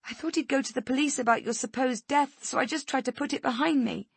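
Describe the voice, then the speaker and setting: A woman's voice: fast talker, creaky, breathy edge, no room sound, heavily acted. A woman voicing a desperate mother who pleads frantically for her daughter. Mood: pleading. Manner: frantic, high-pitched pleading.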